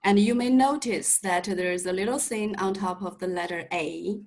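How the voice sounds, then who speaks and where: A woman's voice: mid-range voice, normal speed, a little mellow, poor audio. A woman teaching a Mandarin lesson over a video call, explaining patiently step by step with light humor. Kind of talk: online language lesson.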